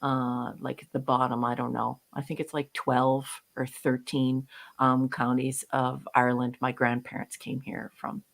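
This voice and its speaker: A woman's voice: a bass voice, completely flat delivery, measured pace, creaky. Playful woman co-hosting a chat stream. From Canada. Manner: playful, laughs often. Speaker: livestream co-host. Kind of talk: casual chat, reading out viewer comments.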